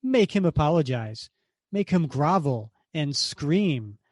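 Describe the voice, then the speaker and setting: A man's voice: a little high, big pitch swings, slow, darkish tone, no room sound, studio quality, full character voice. A man doing a gloating mad scientist. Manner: gloating, mocking delivery. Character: gloating male mad scientist, boastful and cruel.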